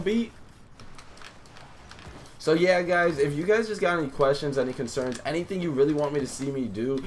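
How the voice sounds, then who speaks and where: A young man, a gaming YouTuber, giving slangy, hyped live commentary over his own match, with loud outbursts at the action. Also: medium pitch, slight background noise.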